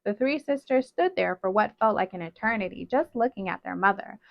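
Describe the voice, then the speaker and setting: A woman reading a novel aloud in steady, dramatic narration, on a dull, dry recording. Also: mid-range voice, fairly quick, vocal fry, no echo. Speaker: storybook reader.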